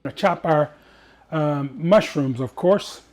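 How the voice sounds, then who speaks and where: A man's voice: fairly high pitch, slow, a little mellow. A man hosting a cooking show, chatting in an upbeat way with rambling asides as he cooks. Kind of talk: casual cooking demonstration.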